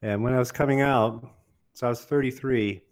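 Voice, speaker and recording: An older man telling a funny personal story in an animated, casual way, often laughing and acting out what others said. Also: mid-range voice, moderate pace. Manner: laughs often while telling, acts out quoted voices.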